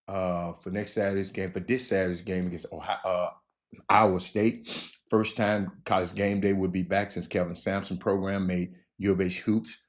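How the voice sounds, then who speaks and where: A man hosting a casual sports talk show, rambling and repeating himself with animated bursts. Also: on the low side. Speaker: show host.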